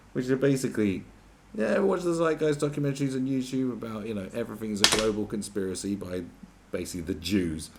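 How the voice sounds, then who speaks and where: A man hosting a ranting, sarcastic commentary video, swearing often and swinging between loud outbursts and low muttering. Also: a little fast, noisy background. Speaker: commentary channel host.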